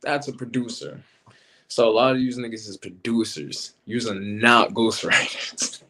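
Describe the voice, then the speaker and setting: Slangy, animated man talking battle rap. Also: on the low side, measured pace, a little hiss or hum. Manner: animated, slangy, repeats himself. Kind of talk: casual commentary monologue.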